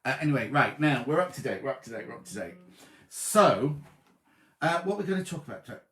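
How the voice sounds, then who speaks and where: A man's voice: medium pitch, brisk. A man hosting a casual sewing show, chatting and reading out viewers' greetings. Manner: chatty, reads out viewer greetings with lively asides. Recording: roomy echoey room.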